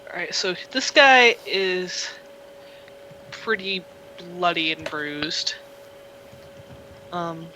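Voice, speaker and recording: A game master narrating a tabletop role-playing game in an unhurried, hesitant way. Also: mid-range voice, lively intonation, sharp tone, slight background noise, poor audio.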